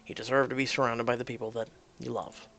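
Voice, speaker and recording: Tender young groom, sincere and gentle, low gravelly read, by a man reading a story game. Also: level tone, fast talker, a little hiss or hum.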